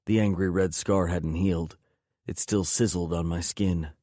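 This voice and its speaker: A man's voice: deep voice, steady tone, measured pace, mellow, no room sound, clean studio sound. A man narrating an audiobook in first person, intense and brooding.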